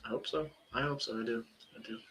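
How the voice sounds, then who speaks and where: A man's voice: mid-range voice, fast, fairly bright tone, slight background noise. A young man co-hosting a wrestling podcast, talking in a loose, joking way that often trails off and restarts. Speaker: podcast co-host. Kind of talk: casual chat.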